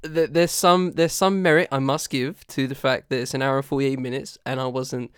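A man's voice: mid-range voice, little pitch movement, moderate pace, clean tone, no echo, clean studio sound. A man co-hosting a casual podcast chat, rambling and hesitant with frequent laughter. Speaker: podcast co-host.

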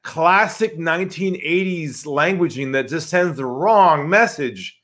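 A man's voice: a little high, measured pace. A man, a sales trainer, answering interview questions by telling vivid stories and acting out phone calls. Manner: animated storyteller, acts out phone calls.

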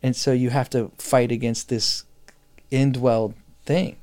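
A man's voice: mid-range voice, little pitch movement, unhurried, a little mellow. A man co-hosting a podcast, talking casually and breaking into fiery, preachy bursts. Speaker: podcast co-host.

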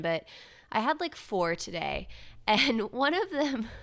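A woman's voice: medium pitch, a bit bright, clean tone. A young woman hosting her own podcast in casual solo chat, with uptalk and a valley girl way of speaking. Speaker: podcast host.

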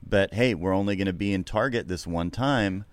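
A middle-aged man, a comedian, talking candidly and reflectively in an interview, swearing freely and getting animated at times. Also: low-pitched, normal speed, dry recording. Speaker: podcast guest, comedian.

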